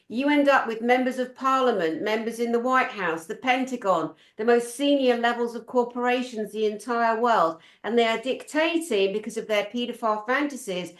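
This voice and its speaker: A middle-aged woman talks bluntly and forcefully, swearing for emphasis. Her voice sits fairly high, and it echoes around the room. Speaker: conference speaker. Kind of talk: impassioned talk.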